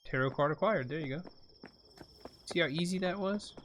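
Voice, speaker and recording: A man's voice: on the high side, moderate pace, a bit bright, slight background noise. A man from rural South Carolina chatting with his viewers while streaming a video game. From rural South Carolina, USA. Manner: chatty, reads out and answers chat. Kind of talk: live game streaming commentary.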